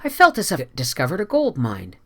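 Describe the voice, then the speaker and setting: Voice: wildly swooping pitch, fairly quick. A reader voicing an imaginative, emotional young woman in an audiobook, speaking in a raised, pleading way. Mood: eager. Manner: breathless, pleading, high-strung. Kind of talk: audiobook character voice.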